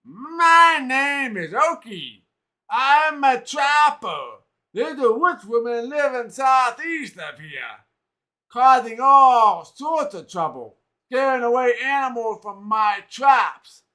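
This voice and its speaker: A man voicing a scowling, gruff male trapper who drawls and shouts his lines slowly. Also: extremely high pitch, pitched above the performer's own voice, heavily acted. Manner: loud, drawn-out shouting.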